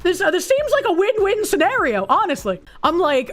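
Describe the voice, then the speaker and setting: A woman's voice: extremely high pitch, very animated, fairly quick, few pauses, soft background music. A woman giving casual, opinionated commentary on the news, sarcastic and blunt with plenty of swearing and frequent laughter. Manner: laughs often.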